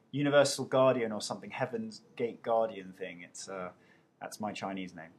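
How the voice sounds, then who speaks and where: A young man talking into a webcam during a live fan Q&A. He rattles off viewers' names and answers each one in an easy, chatty way, with a voice sitting at an ordinary middle pitch. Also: slightly rough. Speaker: TV host answering fan questions.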